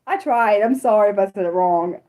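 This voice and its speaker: A young adult woman chatting casually on her livestream, apologetic and self-deprecating, swearing a lot and swinging from high laughing squeals to low mutters. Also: fairly quick, dark tone. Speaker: livestream host. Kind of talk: unscripted livestream chat with viewers.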